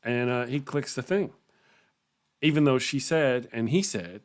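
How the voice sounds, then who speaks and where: A man's voice: medium pitch, a little slow. A man hosting a morning livestream, chatting casually with viewers in a rambling way, often chuckling and trailing off. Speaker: livestream host. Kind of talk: casual chat reacting to viewer comments.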